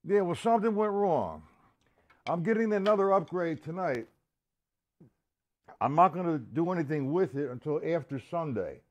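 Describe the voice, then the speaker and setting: A man giving a casual live-stream drum lesson, chatting with viewers by name and counting beats out loud. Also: on the high side, expressive, normal speed, long pauses. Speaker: drum teacher.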